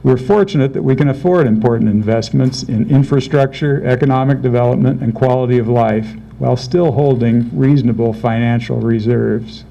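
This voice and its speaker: A man running for council, reading a prepared closing statement in a steady, even delivery. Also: mid-range voice, moderate pace, vocal fry, hardly any pauses. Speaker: council candidate. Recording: dull lo-fi recording with faint noise.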